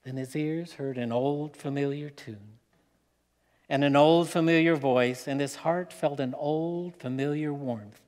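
A man preaching, telling a story in a slow, dramatic way with pauses. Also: fairly high pitch. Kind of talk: sermon storytelling. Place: church hall. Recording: long hall reverb.

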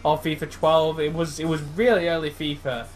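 Playing a football video game, a young YouTuber commentates on the match live at a normal speed. He shouts encouragement, groans at his team's mistakes, and his voice jumps sharply upward when an opportunity arises.

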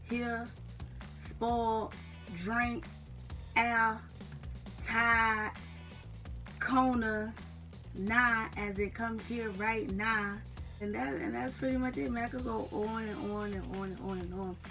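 A woman's voice: on the high side, fairly even intonation, slow pace, long pauses, sharp tone, far from the mic, soft background music. A young woman with a Southern US accent, chatting casually to camera in a slangy, emphatic way. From Southern United States. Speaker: vlogger.

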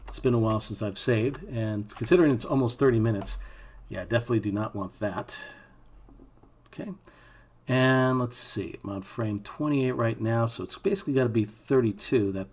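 In a screen-recorded animation lesson, a male instructor talks through his work as he goes, making offhand remarks to students. His mid-range voice has a darkish tone and a normal pace, with slight background noise.

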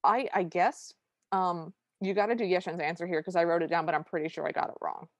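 A woman's voice: on the low side, steady tone, dry recording, highs cut off. A woman co-hosting a podcast, recapping a film in casual chat with wry exasperation. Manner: wry, exasperated, recounts scenes with quick impressions. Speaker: podcast co-host.

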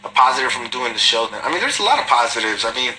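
Man, phone livestream, reading comments aloud, slangy and swearing, mid-pitched, sharp bright tone. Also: very animated, rapid-fire, slight background noise, poor audio. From Guatemalan family. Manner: slangy, swears freely, reads comments aloud and answers them. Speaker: livestreaming reality TV personality. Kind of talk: casual livestream chat reading viewer comments.

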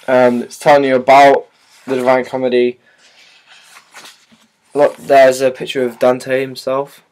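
A man rambles through a casual book unboxing, stumbling over his words and filling pauses with ums and uhs. His pitch sits at an ordinary middle level for a man. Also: monotone, a little mellow. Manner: rambling, hesitant, many fillers and restarts. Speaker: vlogger.

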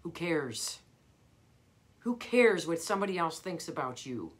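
A woman's voice: low-pitched, sing-song, a little slow. A middle-aged woman vocal coach giving a live motivational talk, earnest and emphatic, repeating her key phrases.

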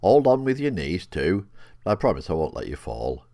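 A man voicing a gentle, kindly male rocking horse who speaks in a steady, reassuring way. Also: rumbling low, normal speed, no room sound, studio quality.

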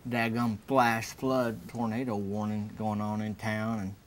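A man's voice: lowish voice, little pitch movement, a little slow, a little hiss or hum. Folksy Southern man telling a tale. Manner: folksy, rambling, colorful sayings. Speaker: comedian in character as a lawn-mowing man. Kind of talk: comic storytelling monologue.

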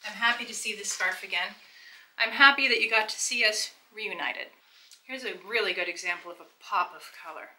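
A woman's voice: medium pitch, a little fast, pushed and bright, rough recording. A middle-aged woman hosting a casual try-on vlog, chatting enthusiastically as she explains and shows things to the viewer. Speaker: fashion vlogger.

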